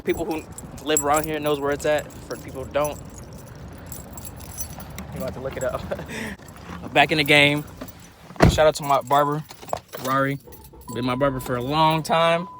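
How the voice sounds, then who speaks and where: A young man rambles to his camera in a relaxed, slangy way, still groggy from just waking up. He sounds like he is in a car or out on the street. Street noise and traffic are clearly heard behind him. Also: a little high, normal speed, long pauses. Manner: laid-back, slangy, rambling. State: groggy morning voice. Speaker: vlogger. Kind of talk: casual vlog talk to camera. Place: in a car and outdoors in a city.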